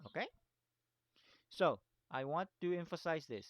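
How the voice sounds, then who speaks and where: A man's voice: on the high side, lively intonation, measured pace, no echo. A man teaching a screen-recorded lesson, walking through steps, often checking in with "okay?" and "right?", with a chuckle at his own slips. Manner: repetitive, stops to check understanding with "okay?" and "right?".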